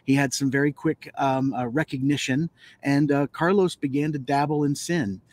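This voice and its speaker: A man hosting a live show, introducing a talk in a halting way with many fillers. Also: mid-range voice, steady tone, a little mellow, dry recording. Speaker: host.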